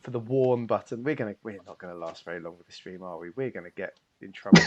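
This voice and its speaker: A man's voice: on the low side, lively intonation, fast, lo-fi sound, slight background noise. A man hosting and running a tabletop game stream, joking and slipping into mock French phrases. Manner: playful, jokey, slips into a mock French accent. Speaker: game master.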